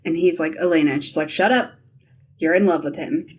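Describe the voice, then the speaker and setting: Woman podcast host, lowish voice, animated scene recaps with quoted lines. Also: quick pace, slight background noise. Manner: retells scenes acting out lines, laughs often. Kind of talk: casual recap chat.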